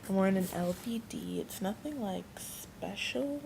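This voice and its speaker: Chatting her way through a meandering story, a young woman vlogs casually and performs the voices of those she quotes. She speaks in a mid-range, expressive, creaky voice at a moderate pace, against a noisy background.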